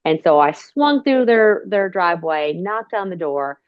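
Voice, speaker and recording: A woman's voice: on the low side, lively intonation, measured pace, dry recording. A woman hosting an interview, chatty, telling long personal stories in casual talk. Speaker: podcast host. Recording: dull, dry phone-call sound.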